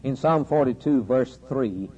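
A man preaching a sermon, with a steady preaching cadence that builds to loud, emphatic climaxes with dramatic pauses. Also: medium pitch. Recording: dull lo-fi sermon recording with faint hiss.

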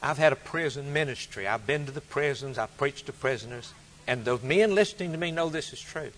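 Man preaching a sermon, emphatic, repetitive, loud-soft swings. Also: mid-range voice, fairly quick, slight background noise.

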